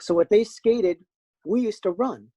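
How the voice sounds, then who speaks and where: An older man, a voice actor, telling stories in a lively, self-deprecating way as an interview guest. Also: sits high, a little slow, no room sound, poor audio. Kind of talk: casual interview chat.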